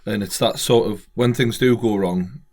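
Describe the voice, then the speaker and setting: A man with a Geordie accent hosting a podcast, chatting in a relaxed way with plenty of ums and likes. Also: lowish voice, normal speed. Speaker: podcast host. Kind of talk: casual chat.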